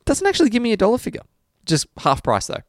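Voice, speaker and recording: A man's voice: high voice, huge pitch swings, fast talker, no echo, clean studio sound. An Australian man co-hosting a podcast, rambling and self-mocking in casual chat, laughing often. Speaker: podcast co-host.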